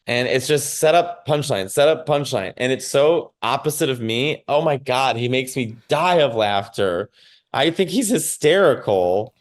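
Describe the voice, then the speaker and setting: A man's voice: medium pitch, lively intonation, measured pace. Man, Chicago accent, stand-up comic guest, conversational and rambling, remote call from home. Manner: rambling and conversational, many fillers and restarts. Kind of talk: casual interview chat.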